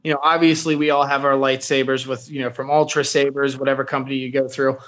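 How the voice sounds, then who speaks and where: A man's voice: mid-range voice, little pitch movement, quick pace, a bit bright, rough recording. A young man co-hosting a podcast, chatting casually and enthusiastically with lots of fillers. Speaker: podcast co-host. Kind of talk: casual chat.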